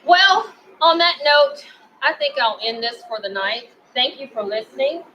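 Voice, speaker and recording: A woman's voice: high-pitched, lively intonation, measured pace, muffled recording, a little hiss or hum. Heated, profane Memphis woman ranting. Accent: Memphis, Tennessee. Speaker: vlogger. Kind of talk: angry personal rant to camera.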